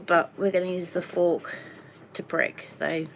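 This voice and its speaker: A woman's voice: lowish voice, level tone, unhurried, gravelly, a little hiss or hum, low-quality recording. A chatty woman, baking in her home kitchen and talking playfully as she goes, tossing in silly made-up words. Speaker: baking vlogger. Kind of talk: casual chat while baking.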